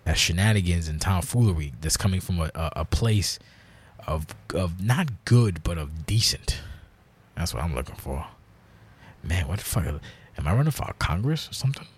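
Deep husky man ranting on a podcast. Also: lively intonation, moderate pace. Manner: rambling, profane, heavy swearing; self-described grouchy, blunt. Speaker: podcast host. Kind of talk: casual solo podcast monologue.

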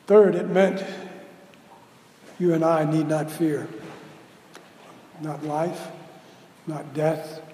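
Slow-preaching pastor in an echoey church. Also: male voice, fairly high pitch, steady tone, slight background noise. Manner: slow, deliberate preaching that swells to loud emphatic peaks. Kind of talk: sermon. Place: church sanctuary. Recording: roomy hall reverb with faint ambience.

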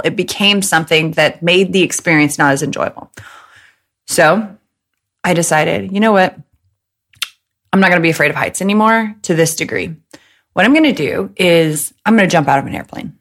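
A woman from the American Midwest, in her thirties, hosts a casual solo podcast. She tells stories in a chatty, joking way. Her voice sits slightly lower than most women's. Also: animated, fairly bright tone. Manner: chatty, jokey, fast talker. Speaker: podcast host.

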